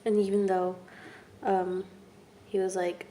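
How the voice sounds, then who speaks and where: A young woman telling her own story in a vlog, speaking softly and haltingly, with long pauses and words that trail off into whispers. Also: fairly low pitch, little pitch movement, a little hiss or hum. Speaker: vlogger. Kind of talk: personal testimony vlog.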